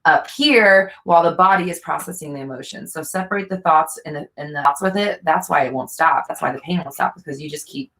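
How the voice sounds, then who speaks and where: A woman answering viewer questions as a coach, with a slightly lower voice. She talks casually and earnestly, repeating phrases and thinking aloud with fillers. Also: a little fast, hardly any pauses, fairly bright tone. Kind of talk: casual advice talk.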